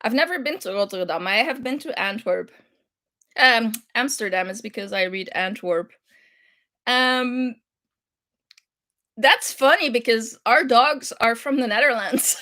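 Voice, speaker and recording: A chatty woman hosting a relaxed live stream, talking to her viewers and laughing easily between thoughts. Her voice sits a little high, and she takes her time, speaking at an unhurried pace. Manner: chatty, laughs often, reads viewer comments aloud. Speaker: host. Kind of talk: casual live-stream chat.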